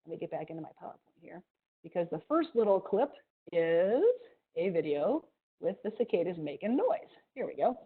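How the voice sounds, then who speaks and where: A museum educator with a mild Ohio accent gives an animated, playful science lesson to children over a video call, adding little sound effects. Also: female voice, on the low side, normal speed, husky. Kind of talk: live online science lesson for kids. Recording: tinny video call audio.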